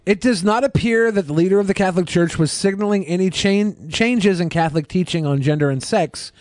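A man with a fairly high voice co-hosts a loose podcast, reading news out loud and tripping over a few words as he goes. He jokes often. The sound is close and dry, with no room echo. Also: a little fast. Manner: jokey, stumbles over words while reading. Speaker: co-host. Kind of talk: casual podcast banter, reading news aloud.

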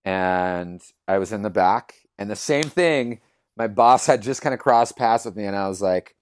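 A man, a yoga teacher, telling his own story in conversation, earnest and animated, acting out the voices he quotes and leaning on lots of fillers. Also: lowish voice, moderate pace, clear, resonant tone.

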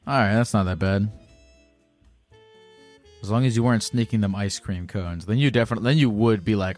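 A man's voice: fairly low pitch, a little fast, long pauses, a little mellow, faint music behind. A male call-in host who chats casually and cracks crude jokes. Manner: crude, joking banter.

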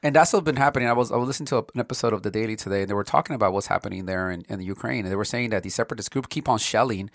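A man co-hosting a podcast, chatting casually about politics and acting out quotes with animated voices. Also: on the low side, very fast, few pauses, no echo, studio quality. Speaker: podcast co-host.

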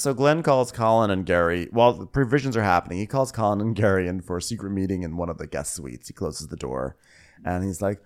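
A man's voice: fairly low pitch, unhurried. A man co-hosting a comedy recap podcast, telling the story with giggles and jokes. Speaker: podcast co-host.

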